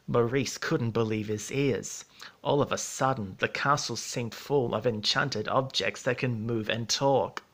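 A man narrating a storybook in a measured, steady reading voice. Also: mid-range voice.

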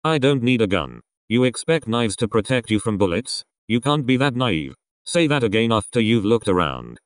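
A man's voice: mid-range voice, big pitch swings, moderate pace, no echo, close to an everyday voice. A man reading out a brash, hot-headed young male assassin with a cocky, teasing way of talking. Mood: defiant.

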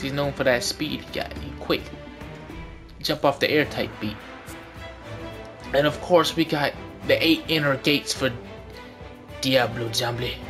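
A man giving goofy, hyped gameplay commentary that bursts into shouting. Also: on the high side. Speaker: gaming channel host. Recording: background music clearly audible.

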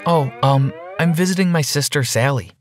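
A man voicing a defensive, evasive young woman in an animated story, with a raised pitch and short clipped replies. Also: normal speed, dry recording, clean studio sound, soft background music, close to an everyday voice. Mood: sheepish.

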